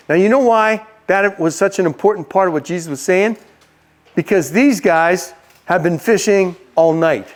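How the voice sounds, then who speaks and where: A male preacher tells a story in a relaxed, chatty way and asks his listeners questions. His voice sits high for a man. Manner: conversational, asks the audience questions. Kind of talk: storytelling sermon.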